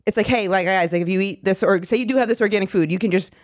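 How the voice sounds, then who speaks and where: Woman podcast host, young adult, rapid-fire, animated storyteller, casual chat. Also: medium pitch. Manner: fast, animated, acts out voices in stories.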